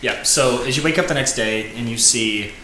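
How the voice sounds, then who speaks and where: A man narrating a tabletop game as game master, halting and rambling with many fillers. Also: medium pitch, sharp tone. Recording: echoey room with background noise.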